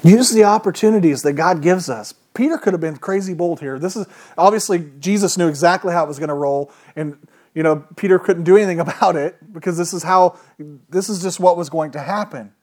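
A man's voice: high-pitched, fairly quick, darkish tone. Emphatic man preaching a sermon. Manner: conversational, emphatic, rhetorical questions.

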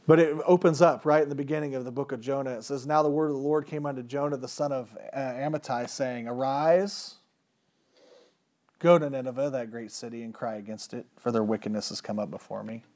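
A man with a fairly high speaking voice delivers a sermon, reading scripture and then retelling it in casual, slangy terms. His voice rises and falls in pitch and loudness as he tells the story. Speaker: preacher.

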